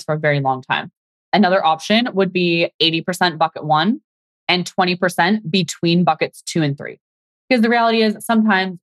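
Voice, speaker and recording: A woman's voice: lowish voice, no echo. A woman fitness coach hosting a podcast, talking in a chatty, upbeat way and speaking straight to her listeners. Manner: chatty, upbeat, keeps saying "you guys". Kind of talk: live podcast talk, reading out audience chat.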